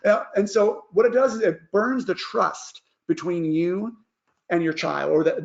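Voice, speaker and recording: A man's voice: on the high side, vocal fry, lo-fi sound. A man who works as a life coach gives a casual parenting advice lesson and keeps checking in with "all right?".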